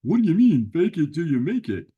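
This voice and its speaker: A man's voice: on the high side, very animated, brisk, dark tone, husky, dull audio, voice pushed up. Man doing a sidekick puppet voice, chatty, eager, interrupting, friendly. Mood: cheerful. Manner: eager, friendly, pops in uninvited.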